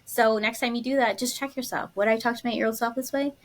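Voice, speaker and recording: A woman's voice: a little high, fairly even intonation, fast. Woman co-host, earnest, offers advice in an easy chat. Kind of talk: casual podcast chat.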